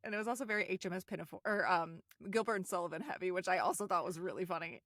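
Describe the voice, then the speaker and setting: A woman co-hosting a podcast, chatting casually about a cartoon episode, giggling often and quoting lines in quick voices. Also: lowish voice, fairly bright tone, no room sound, studio quality. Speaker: podcast co-host.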